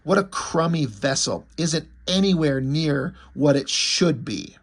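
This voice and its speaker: A gloating, sneering male demon, read aloud by a man from a comic book. He drawls his lines slowly with scorn. The voice is slightly deep and a touch husky. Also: animated. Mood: scornful.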